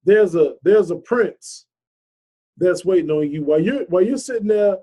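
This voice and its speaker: A man's voice: high voice, expressive, moderate pace, warm tone. A man giving a casual motivational talk, telling a rambling story in an earnest, preachy way with lots of "you know.". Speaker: motivational vlogger.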